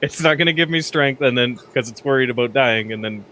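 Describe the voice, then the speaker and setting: A man with a mid-range voice plays at a tabletop game. He chats casually and walks through his character's plans in relaxed detail. A faint hiss of noise is audible. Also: mid-range voice, fairly quick. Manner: relaxed, explains plans at length. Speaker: player.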